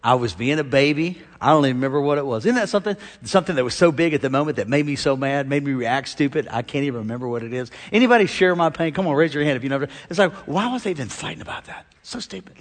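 A middle-aged male pastor preaching a sermon to a congregation, an animated preacher who swings between loud exhortation and quiet storytelling. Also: fairly high pitch, fast talker, hardly any pauses. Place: large church hall with a congregation. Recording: long hall reverb.

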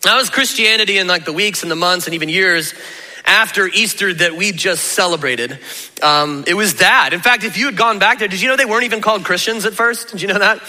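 A man preaching a lively, conversational sermon as a pastor, acting out the voices of Jesus and of the crowd. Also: high-pitched, fairly quick. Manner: animated, conversational, acts out voices of Jesus and listeners. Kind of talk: energetic sermon. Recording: reverberant hall.

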